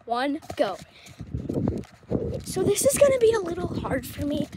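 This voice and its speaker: A woman's voice: extremely high pitch, very animated, unhurried. A woman vlogging chattily while running through her neighborhood, out of breath and exclaiming between lines. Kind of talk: casual vlog commentary while running. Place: outdoors on neighborhood streets. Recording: loud outdoor background noise.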